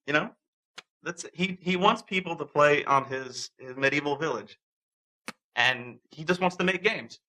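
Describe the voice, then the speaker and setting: A man telling a story in a casual, animated way, acting out the voices of people he quotes and often restarting his sentences. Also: on the high side, moderate pace, rough recording. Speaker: interviewee.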